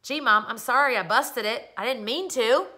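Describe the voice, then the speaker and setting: A woman doing an excitable show-off boy. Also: on the high side, moderate pace, pitched above the performer's own voice. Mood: excited. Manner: excited, boasting, calling out. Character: eager reckless young boy, show-off.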